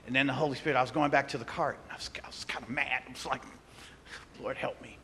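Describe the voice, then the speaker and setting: A man preaching a sermon, telling a personal story with animated delivery and acting out the voices of the people in it. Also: mid-range voice, quick pace, slight background noise. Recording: long hall reverb.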